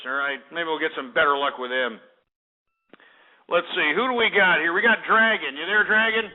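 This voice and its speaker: A man hosting a call-in radio show, ranting and insulting callers in an abrasive manner. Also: sits high. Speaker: radio host. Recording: tinny phone-like audio.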